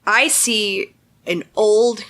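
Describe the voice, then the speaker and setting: A woman with a bright, sharp-edged voice co-hosting a chatty podcast. She is blunt and sarcastic, dropping swear words casually as she riffs with her co-host. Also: mid-range voice, very slow.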